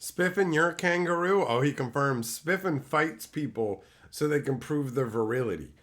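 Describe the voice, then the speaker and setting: A man's voice: a little high, animated, moderate pace, a bit bright. A man streaming live, chatting casually and riffing on viewer messages with crude, profane jokes. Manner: crude, profane joking banter; riffs on viewer chat messages. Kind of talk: casual livestream chat.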